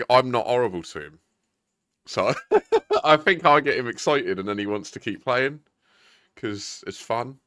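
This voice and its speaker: Lively, bright-voiced streamer in his 30s. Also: medium pitch, dry recording, studio quality. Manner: chatty, laughs often, talks to viewers. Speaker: game streamer. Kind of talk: casual live-stream chat.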